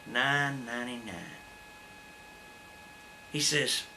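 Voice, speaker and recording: A former wrestler in his fifties, speaking slowly at medium pitch with a drawl, tells blunt, profane stories as a guest in a shoot interview. He's an animated storyteller, and faint background noise is audible.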